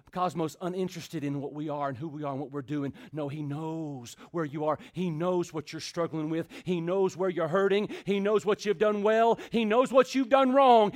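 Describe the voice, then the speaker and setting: Guy preaching, really high voice, drops to a hush then gets loud, long dramatic pauses. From Texas. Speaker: pastor. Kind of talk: sermon.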